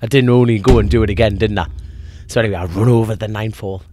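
A man co-hosting a podcast, telling a long joke in a lively, repetitive way. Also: fairly low pitch, fast talker, no echo. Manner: animated storyteller, repeats himself, acts out voices. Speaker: podcast co-host.

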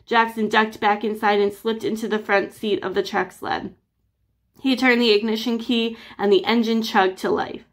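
A woman teacher reading a chapter book aloud to children with lively, expressive storytelling. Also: medium pitch, normal speed.

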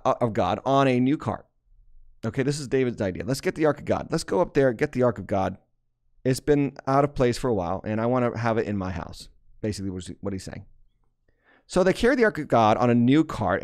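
A man preaching a sermon as pastor, reading scripture aloud and explaining it with frequent restarts and rising emphasis. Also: fairly low pitch.

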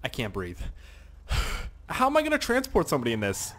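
Excitable young man yelling through gameplay. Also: mid-range voice, moderate pace. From Canada. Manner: excitable, swearing, laughing, yelling at the game. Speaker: gaming YouTuber. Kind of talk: casual gameplay commentary.

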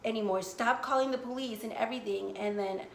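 A woman's voice: on the high side, brisk, gravelly, reverberant, a little hiss or hum. A woman from the United States telling a casual storytime vlog, rambling with lots of swearing and filler words. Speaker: vlogger.

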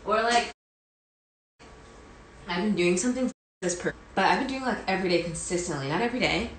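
A woman's voice: mid-range voice, expressive, a little fast, reverberant, a little hiss or hum. A young woman, a girl group singer, chatting casually with viewers during a live stream from home, rambling with lots of "like" and "you know". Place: indoors at home, near a heater. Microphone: phone.

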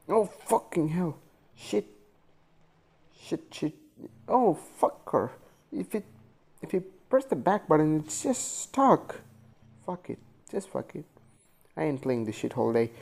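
Gravelly, slow-talking man playing a game. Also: fairly high pitch, animated, darkish tone. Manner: muttering, swearing, panicky outbursts. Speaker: gaming channel host. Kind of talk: casual let's-play commentary.

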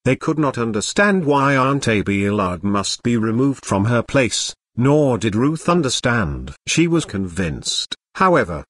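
A computer-generated male voice narrating an audiobook in an even, unvaried reading. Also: mid-range voice, measured pace, hardly any pauses, husky, no room sound. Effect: text-to-speech voice.

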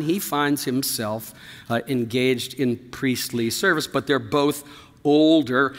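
A man's voice: mid-range voice, a bit bright, long reverb tail. A man preaching a sermon as pastor of a church, in a conversational way, with fillers and asides. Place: church sanctuary.

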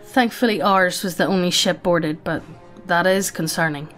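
A woman reads a sci-fi story aloud in a plain, casual, matter-of-fact voice at a middle pitch. Her delivery is unhurried and conversational, with quick laughs slipping in, and faint music plays underneath. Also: a bit bright. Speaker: story narrator.

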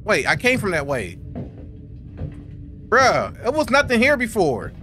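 A young gaming YouTuber's high, sharp voice swoops wildly in pitch at a measured pace as he commentates a horror let's play. He's jumpy, swears, and reacts with slang, with game music behind him.

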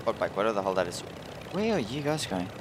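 A man doing casual gameplay commentary who gets excitable, swears and yells when frustrated. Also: on the low side, fast talker, background noise. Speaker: gamer. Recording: game music playing behind. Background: music.

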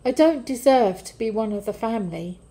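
A woman's voice: on the high side, animated, brisk, warm tone. A woman voicing a remorseful younger son.

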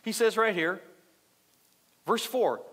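Male pastor, high voice, lively repetitive church sermon. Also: slow pace. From United States. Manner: animated, repetitive preaching with asides to the congregation.

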